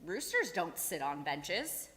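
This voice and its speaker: A woman's voice: fairly low pitch, very animated, slow pace, pushed and bright, pitched below the performer's own voice, exaggerated voice. A woman voicing a stubborn young prince who believes he is a rooster, in a spoken children's story, in an echoey hall. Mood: matter-of-fact.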